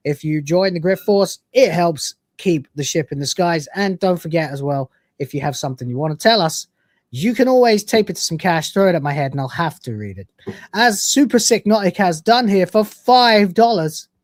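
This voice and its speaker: A man's voice: fairly high pitch, big pitch swings, normal speed, dry recording, clean studio sound. A man hosting a casual livestream, joking crudely while reading out donations, his throat still sore from being sick. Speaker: livestream host.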